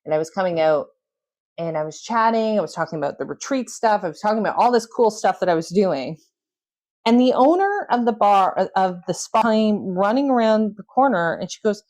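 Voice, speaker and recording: A woman's voice: medium pitch, lively intonation, normal speed, a little mellow. A woman hosting a podcast, talking earnestly in a reflective, storytelling way. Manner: earnest, storytelling with self-coaching tone. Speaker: podcast host. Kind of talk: reflective solo podcast talk.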